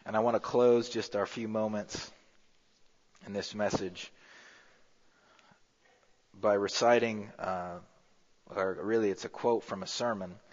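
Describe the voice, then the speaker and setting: A man preaching a sermon as pastor, rising to emphatic peaks and dropping to a hushed low voice. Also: steady tone, a little slow, pauses often. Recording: muffled with long hall reverb.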